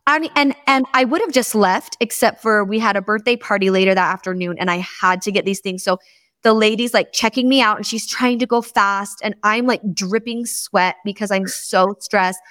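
A woman hosting a podcast, chatting casually and telling animated stories, acting out the quotes of the people in them. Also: mid-range voice, moderate pace, no echo, clean studio sound. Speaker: podcast host. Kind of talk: casual chat.

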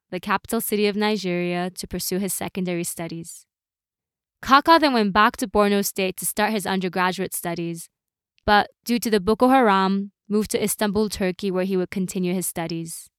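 A woman hosting and narrating a short documentary in an even, scripted delivery. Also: mid-range voice, clear, resonant tone, no echo, clean studio sound. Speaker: host and narrator.

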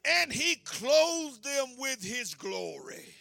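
A man preaching a fiery sermon with a very high, lively voice. He draws out his words slowly, bright and forceful, and calls to the room for response. The sound is dry, with soft music underneath. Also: gravelly, no echo. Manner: shouting, fervent, calls out to the congregation.

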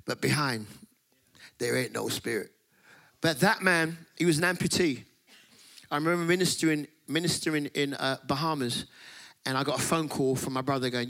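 A man preaching a Pentecostal-style sermon to a conference audience, impassioned, sometimes shouting and half-singing his phrases. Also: medium pitch. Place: conference hall.

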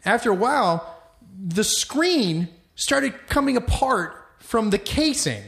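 A man casually telling a long story, animated and swearing freely as he talks. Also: extremely high pitch, slow, gravelly. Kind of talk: casual chat.

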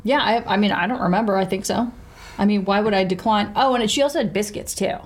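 A woman playing a tabletop role-playing game, telling her character's story in an animated way. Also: mid-range voice, fast. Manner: animated storytelling, quoting others. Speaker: player.

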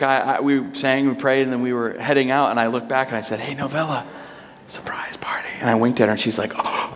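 A man's voice: mid-range voice, noisy background. A man in his thirties, a pastor, telling a long personal story in a casual, rambling way with many fillers and restarts. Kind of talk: storytelling sermon. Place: church service hall. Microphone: microphone. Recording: long hall reverb.

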